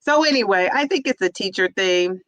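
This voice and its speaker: Bright, chatty woman hosting a livestream. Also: medium pitch, lively intonation, no echo, dull audio. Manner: chatty, laughs often, drawn-out sing-song repeats of names. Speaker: livestream host and teacher. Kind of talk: casual livestream chat reading viewer comments.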